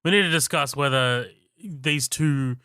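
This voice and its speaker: A man's voice: medium pitch, measured pace, bright, forceful tone, clean tone, no echo, clean studio sound. A man with an Australian accent co-hosting a podcast, hedging his movie opinions with lots of fillers. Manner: hesitant, many fillers. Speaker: podcast co-host. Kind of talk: casual movie discussion.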